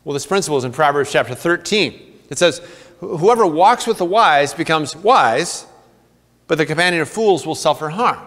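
A man's voice: a little high, lively intonation, normal speed, fairly bright tone. Preaching man in a reverberant church. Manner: earnest preaching, reading scripture aloud, playful asides. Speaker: pastor. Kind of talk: sermon. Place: church sanctuary.

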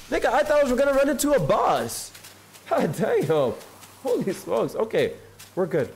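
A young man live-streaming a game, chatting excitedly and slangily with his viewers. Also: very high-pitched, normal speed, background noise. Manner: excitable, slangy, keeps addressing chat. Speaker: gaming streamer. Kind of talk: casual live-stream chat.

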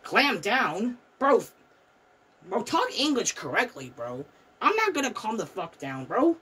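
A woman's voice: fairly high pitch, sing-song, measured pace, fairly bright tone, husky, far from the mic. A woman giving frantic, swear-filled gameplay commentary, repeating "bro" constantly. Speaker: gamer.

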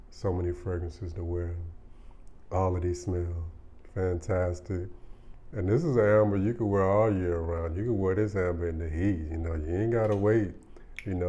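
A very low-voiced man talks through his fragrance picks at an easy, drawn-out pace. He is relaxed and full of slang. He gets openly enthusiastic as he chats. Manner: laid-back, slangy, enthusiastic. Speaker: fragrance reviewer. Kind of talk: casual product review chat.

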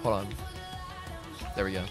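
A man streaming a game, chatting casually and answering his viewers as he plays, often calling them "bro". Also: moderate pace. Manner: relaxed, answers chat aloud, says "bro" a lot. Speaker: streamer and server owner. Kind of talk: casual livestream chatter while gaming. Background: background music.

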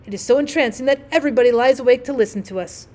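A woman's voice: high voice, very fast, darkish tone, close to an everyday voice. A woman reading aloud, voicing a self-satisfied frog who talks on and on in a gushing manner. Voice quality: gushing, talkative.

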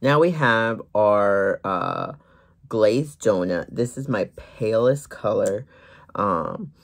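Unhurried gloss-brand vlogger, gravelly fry, home corner, lots of ums. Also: mid-range voice, big pitch swings. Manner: unhurried, frequent ums, gentle asides. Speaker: small lip gloss brand owner. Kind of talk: product showcase vlog.

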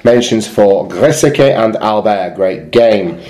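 A man's voice: lowish voice, slow, darkish tone. A man hosting a sports podcast, reading out results and fan reports in casual chat. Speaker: podcast host.

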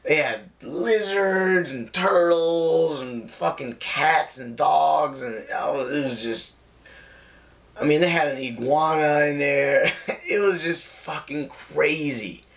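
A man's voice: a little high, takes it slowly, gravelly, a bit bright. A young man casually telling a wild personal story, laughing often and swearing freely.

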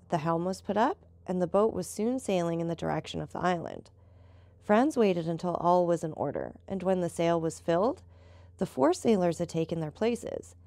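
A woman narrating a classic novel in a measured storytelling manner. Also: on the low side, creaky, warm tone, dry recording. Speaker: audiobook narrator. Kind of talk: scripted narration.

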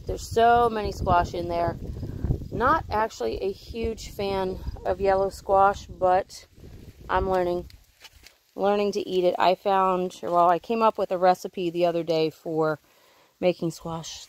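A woman giving a casual, rambling tour of her vegetable garden outdoors, filming it herself and correcting herself as she talks. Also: mid-range voice. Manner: chatty, rambling, self-correcting. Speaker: homesteading vlogger. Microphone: handheld camera she films herself.

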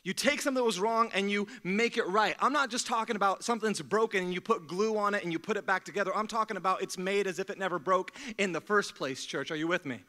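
A young man preaching a sermon to his church, energetic and joking, calling out to the congregation to respond. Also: sits high, quick pace, few pauses. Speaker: pastor. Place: church sanctuary.

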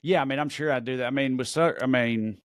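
A man's voice: medium pitch, clear, resonant tone, dry recording, clean studio sound. A young man co-hosting a podcast in casual chat, speaking hesitantly with many fillers and restarts. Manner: hesitant, halting, filler-heavy. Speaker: podcast co-host.

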